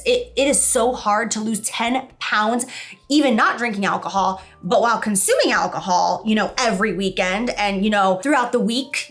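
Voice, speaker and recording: Emotional, expressive woman vlogger. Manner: emotional and expressive, with big pitch jumps. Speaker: beauty vlogger. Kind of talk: casual confessional vlog talk.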